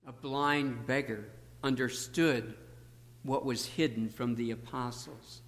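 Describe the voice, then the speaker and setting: Man, pastor, sermon, deliberate emphatic pauses, unhurried, echoing sanctuary. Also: medium pitch, fairly even intonation.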